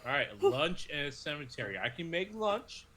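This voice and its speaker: A man's voice: fairly high pitch, very animated, normal speed, bright, forceful tone, a little hiss or hum. A man on a live stream adding wry one-liners. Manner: wry quips. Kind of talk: casual chat on a live stream.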